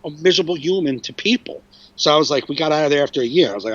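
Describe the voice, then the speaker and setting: A man's voice: a little high, expressive, very fast, a bit bright, no room sound. Man telling a rambling story, dull dry audio. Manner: rambling, frequent restarts and swearing. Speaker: podcast host and comedian. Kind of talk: casual storytelling chat.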